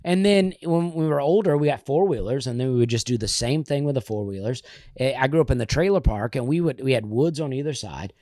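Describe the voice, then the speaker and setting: A man spins loose, rambling stories, breaking off and restarting mid-sentence. His voice sits at an ordinary pitch. The sound is dry and close, with no room around it. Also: fairly quick, mellow, no echo. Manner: rambling, self-interrupting storyteller. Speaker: comedian guest. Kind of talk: casual interview storytelling.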